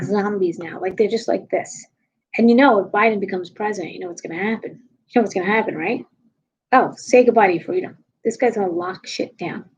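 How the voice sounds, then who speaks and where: Blunt, sarcastic woman with a husky voice. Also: darkish tone, dull audio. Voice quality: low, husky. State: tired. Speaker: comedian live-streaming. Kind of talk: casual rant to viewers.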